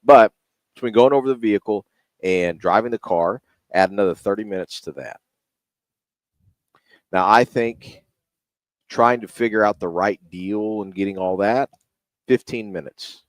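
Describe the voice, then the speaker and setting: A man's voice: on the low side, moderate pace, pauses often, dry recording. A man from a car dealership, a guest on a radio talk show, speaking confidently and stumbling over words now and then.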